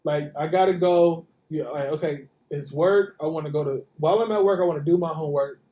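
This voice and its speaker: A man co-hosting a podcast in casual chat, relaxed and profane, often agreeing with his co-host. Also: on the high side, quick pace. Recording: roomy, dull lo-fi recording.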